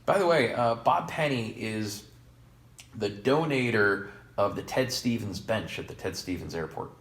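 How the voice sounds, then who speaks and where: Podcast co-host, male, low-pitched, wry and meandering, roomy echo. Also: measured pace, slight background noise. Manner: rambling, sarcastic, jokey asides. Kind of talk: casual chat. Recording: echoey room.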